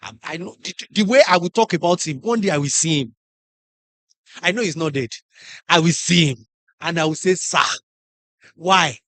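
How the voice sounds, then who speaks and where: A middle-aged man with a Nigerian English accent giving a lively motivational talk to teachers, acting out classroom stories and putting questions to the audience. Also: fairly high pitch, moderate pace, long pauses, dry recording. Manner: animated storyteller, acts out classroom scenes, asks the audience questions. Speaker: conference speaker.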